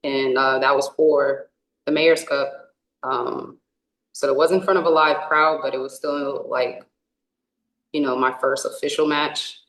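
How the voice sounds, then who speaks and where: Low, flat-voiced woman in an echoey room. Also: a little slow. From California. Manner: rambling, many fillers and restarts. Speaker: indie wrestler. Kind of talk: casual interview answers.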